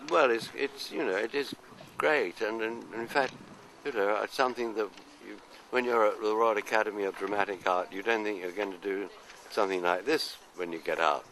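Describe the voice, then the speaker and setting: A man's voice: on the low side, normal speed, fairly bright tone, slight background noise, poor audio. An older man from London, an actor answering interview questions in a chatty, anecdotal, self-deprecating way.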